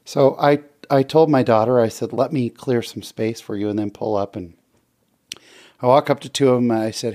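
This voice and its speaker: A middle-aged man hosting a talk show, telling stories in a lively, joking way and laughing often. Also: mid-range voice, fairly quick. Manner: animated storyteller, laughs often. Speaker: radio show host. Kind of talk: casual talk-show chat.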